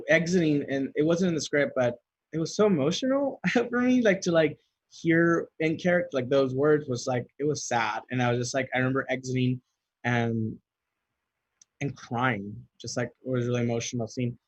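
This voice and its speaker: A man's voice: mid-range voice, moderate pace, no room sound, dull audio. A man answering fan questions in a casual video, chatty and giggly, reading each question aloud and then rambling through his answer.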